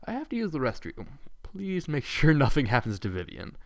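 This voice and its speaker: A man voicing a stern, exasperated female unicorn pony who scolds in a raised, higher voice. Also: huge pitch swings, moderate pace, vocal fry, dry recording. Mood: prim. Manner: scolding, raised and higher than his own voice.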